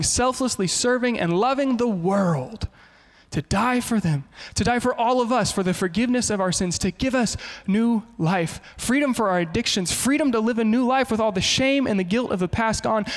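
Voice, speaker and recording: Brief: pastor in his thirties, high voice, lively humorous preaching. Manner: animated, humorous storytelling. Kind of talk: sermon.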